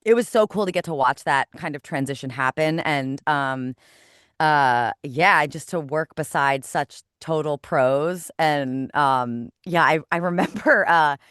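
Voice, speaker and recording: A woman in her thirties talks as a podcast guest, spinning animated anecdotes full of "like"s and quick asides. Her voice sits a bit low for a woman. The sound is dry and close, with no room around it. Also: clear, resonant tone, no echo. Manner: chatty, animated storytelling with many "like"s. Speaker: podcast guest, former kids' TV host. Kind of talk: casual interview chat.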